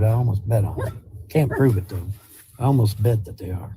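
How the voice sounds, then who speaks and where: A man's voice: on the low side, expressive, a little fast, very noisy. Man with a drawl streaming live. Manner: rambling, talks baby talk to his dog. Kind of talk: casual livestream chat. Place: home with a dog.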